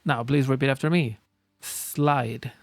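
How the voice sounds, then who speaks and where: A language teacher leads a phonics lesson, patiently sounding out letters and words slowly so learners can repeat them. His medium-pitched voice runs a little slow, recorded dry and close with no room sound and faint music underneath.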